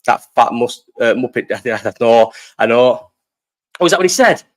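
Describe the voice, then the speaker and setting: A man's voice: medium pitch, expressive, moderate pace. A young man, hosting a casual live-stream chat, swearing freely and often trailing off mid-sentence. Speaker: host.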